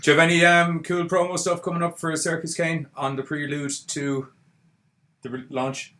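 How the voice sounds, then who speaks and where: Joking podcast host. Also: male voice, on the high side, level tone, moderate pace, bright, forceful tone. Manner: joking, loose and swearing. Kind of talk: casual chat.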